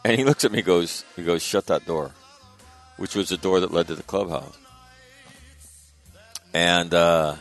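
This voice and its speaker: A middle-aged man, a guest, recalls his late father through casual, rambling stories full of fillers and restarts. His voice sits low, with vocal fry.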